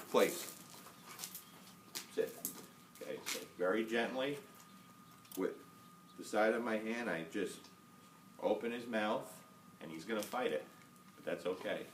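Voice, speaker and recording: A dog trainer calmly explaining each step of a training method, patient and often checking in with "okay?". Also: male voice, low-pitched. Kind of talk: casual instructional demo. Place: indoors at home with a dog. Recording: faint background noise, mic at some distance.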